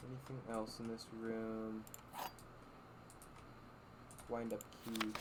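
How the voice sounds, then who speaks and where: A man's voice: on the low side, little pitch movement, slow pace, pauses often, noisy background. A man giving casual gameplay commentary, thinking aloud and muttering to himself as he plays. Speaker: game streamer.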